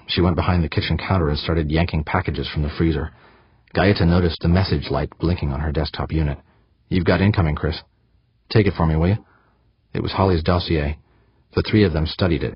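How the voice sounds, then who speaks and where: Deep, husky male audiobook narrator. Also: steady tone, fairly quick, no echo. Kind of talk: scripted narration. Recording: dry, slightly dull audiobook recording.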